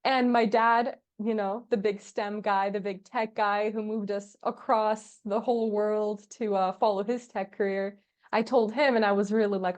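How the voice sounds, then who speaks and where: A young woman, a podcast guest, chatting casually and telling lively stories, acting out the dialogue and laughing often. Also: mid-range voice, normal speed. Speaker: podcast guest, agency founder. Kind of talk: casual interview chat.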